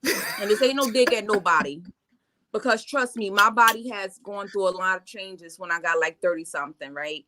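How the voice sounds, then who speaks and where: A woman in her forties co-hosting a casual chat, telling stories in an animated way and acting out what people said. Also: mid-range voice, normal speed. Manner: animated storyteller acting out quotes. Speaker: co-host. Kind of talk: casual chat recapping reality TV.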